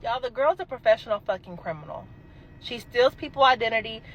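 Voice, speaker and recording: A young adult woman telling a casual storytime, animated and emphatic, swearing freely. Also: fairly high pitch, a little fast, a little hiss or hum, poor audio.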